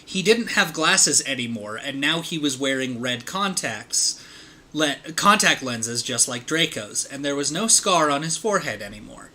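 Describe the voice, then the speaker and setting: A man's voice: mid-range voice, lively intonation, moderate pace, pushed and bright. A man hosting a comedic read-aloud with friends, laughing often and stumbling over the text. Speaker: host reading a fanfiction aloud.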